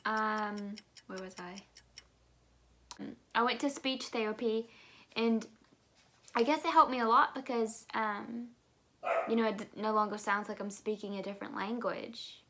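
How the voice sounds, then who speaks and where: A woman's voice: fairly high pitch, steady tone, a little slow, long pauses, pushed and bright. A woman in her twenties from the United States with an articulation disorder that gives her speech sounds unusual, chatting candidly to camera. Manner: chatty, candid, many fillers. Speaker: vlogger. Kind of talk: casual chat to camera.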